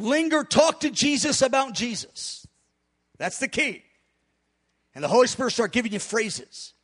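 A man with a very high voice delivers a sermon-style teaching on prayer. He is a fast, hard talker who presses his points with emphasis. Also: fairly bright tone.

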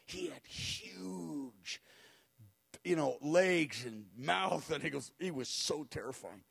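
A man recounting a spiritual experience as an animated personal testimony, acting out the people he quotes and chuckling as he goes. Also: fairly high pitch, unhurried, vocal fry, slightly rough. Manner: acts out the people he quotes, with cries and hushed voices.

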